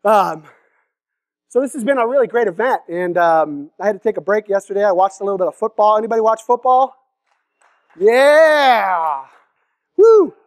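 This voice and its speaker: On a conference hall stage, a young man from the Seattle area delivers a comedic keynote, joking with the crowd and acting out silly voices. His voice is high and fast, captured in a dry recording.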